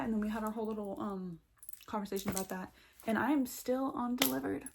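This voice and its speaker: A young woman telling a heated storytime vlog into her phone, swearing often and talking fast. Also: a little high, fairly even intonation, gravelly, slight background noise. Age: young adult.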